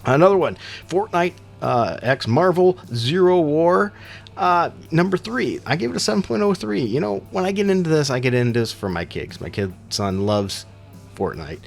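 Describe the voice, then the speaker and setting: Gravelly middle-aged man reviewing comics. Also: on the high side, very animated, moderate pace, faint music behind. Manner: opinionated, rambling, self-deprecating asides. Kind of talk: casual comic review monologue.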